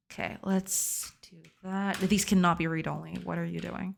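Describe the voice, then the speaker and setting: A woman's voice: fairly low pitch, steady tone, unhurried, gravelly, slight background noise. A woman game developer, heard through a voice changer, thinking aloud and explaining code step by step in a casual, giggly live-stream chat.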